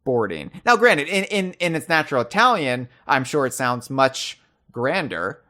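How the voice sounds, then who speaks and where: A man hosting a casual podcast chat. He teases his guest with playful, deadpan jokes. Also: medium pitch, moderate pace. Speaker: podcast host.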